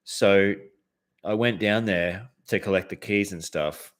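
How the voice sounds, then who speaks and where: Very deep-voiced Australian man ranting. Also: slow. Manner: profane, heated, lots of fillers and restarts. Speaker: host. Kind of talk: casual storytelling rant.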